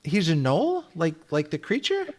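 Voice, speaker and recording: A man's voice: on the high side, huge pitch swings, moderate pace. A man playing a tabletop game in character, stammering and flustered. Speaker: player.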